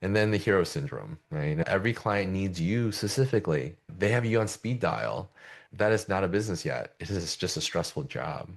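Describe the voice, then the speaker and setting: A man with a very deep voice coaching agency owners. He talks in a loose, conversational way and keeps checking in with "right?" as he explains. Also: lively intonation, normal speed, gravelly. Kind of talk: presenting a business coaching session.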